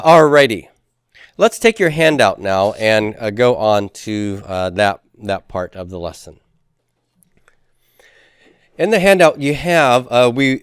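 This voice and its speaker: Smooth-voiced man teaching a class. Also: medium pitch, no echo, studio quality. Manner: explanatory, asks checking questions, frequent fillers. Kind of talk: classroom lecture.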